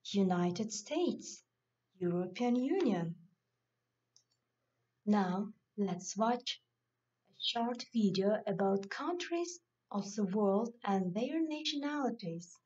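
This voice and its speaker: Slow, lilting woman teaching vocabulary. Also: a little high, darkish tone. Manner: reads word lists slowly and deliberately. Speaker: English teacher. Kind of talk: slow classroom vocabulary lesson. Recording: dull lo-fi recording.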